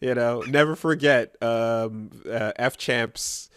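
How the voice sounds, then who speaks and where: A man's voice: medium pitch, takes it slowly, a bit bright, clear, resonant tone, dry recording, clean studio sound. A man co-hosting a podcast in casual banter, laid-back and rambling, swearing freely. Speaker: podcast co-host.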